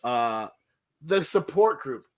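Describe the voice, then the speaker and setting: A man's voice: mid-range voice, expressive, slow pace. A man co-hosting a podcast, giving a blunt, complaining movie review in casual chat and laughing often. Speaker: podcast co-host.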